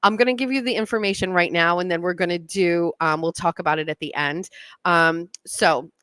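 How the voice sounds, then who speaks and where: A woman's voice: lowish voice, fairly quick, fairly bright tone, clear, resonant tone, dry recording. A woman hosting a talk show, chatting in a rambling, self-deprecating way. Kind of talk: casual monologue.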